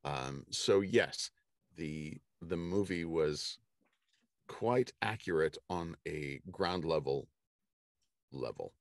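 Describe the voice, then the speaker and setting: A middle-aged man, an audiobook narrator, telling stories in a casual interview with many pauses and fillers. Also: a bass voice, lively intonation, no echo, clean studio sound. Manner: unhurried storytelling with many fillers and restarts. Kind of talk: casual anecdotal conversation.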